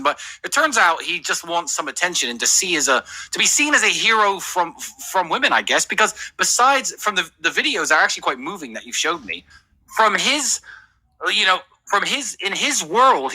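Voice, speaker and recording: A man's voice: fairly high pitch, husky, poor audio. A man in his thirties from England co-hosting a streamed show, ranting and swearing in heated talk. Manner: animated, profane ranting. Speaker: podcast co-host.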